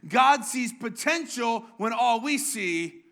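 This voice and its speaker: A man's voice: very high voice, expressive, slow pace, very noisy. A male pastor preaching a sermon in a conversational way, with joking asides and frequent restarts.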